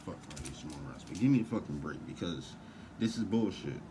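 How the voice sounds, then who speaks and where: Deep, low-pitched man for a heated, profane, rambling vlog rant. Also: animated, brisk, background noise. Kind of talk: casual rant to camera.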